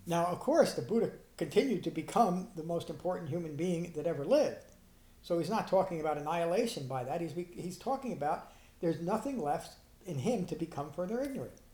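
A man's voice: a little high, expressive, brisk, warm tone. Middle-aged man teaching, roomy sound. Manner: earnest, restarts sentences, emphatic on key points. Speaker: Buddhist teacher. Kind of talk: dharma talk explaining a sutta. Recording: roomy echo.

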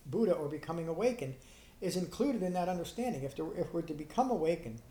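A man's voice: a little high, animated, fast, dark tone, slight background noise. Middle-aged man teaching, roomy sound. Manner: earnest, restarts sentences, emphatic on key points. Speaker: Buddhist teacher. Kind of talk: dharma talk explaining a sutta. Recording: roomy echo.

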